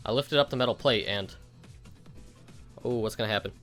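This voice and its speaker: A young let's play host with a lowish, slightly bright voice narrates a game's story a little fast. He reads the text casually and breaks in with joking reactions, with faint music in the background.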